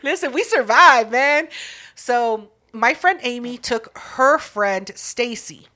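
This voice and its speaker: A young woman telling a story in casual chat, animated, swearing freely, laughing often and acting out what people said. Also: a little high, takes it slowly.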